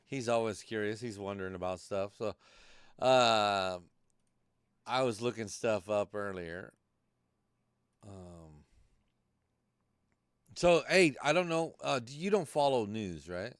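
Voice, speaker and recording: A man's voice: on the low side, expressive, slow pace, pauses often, clear, resonant tone, no echo, studio quality. A man hosting a live podcast stream, talking loosely and cursing as he rambles through tech troubles. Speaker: podcast host. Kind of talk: casual live-stream chat.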